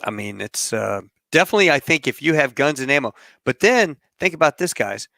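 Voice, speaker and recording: A male host chatting casually in a relaxed, rambling way with lots of fillers. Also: on the high side, fairly quick, creaky, no echo. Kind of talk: casual chat.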